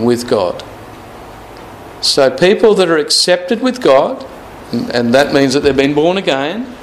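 Male preacher, slightly high voice, deliberate and repetitive, drawn-out scripture reading. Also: animated, slight background noise, rough recording. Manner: slow and deliberate, repeating key phrases, stretching scripture quotes. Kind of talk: Bible teaching sermon.

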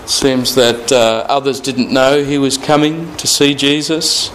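A man's voice: mid-range voice, measured pace, a bit bright, slight background noise, low-quality recording. A man teaching through the Bible verse by verse, reading scripture aloud and stressing key words with rhetorical questions. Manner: repeats phrases, asks rhetorical questions.

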